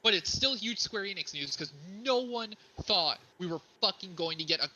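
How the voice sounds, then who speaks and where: A man co-hosting a podcast, chatting casually about video games, excitable and swearing freely. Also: sits high, moderate pace, a little hiss or hum, poor audio. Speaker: podcast co-host. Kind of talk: casual gaming chat.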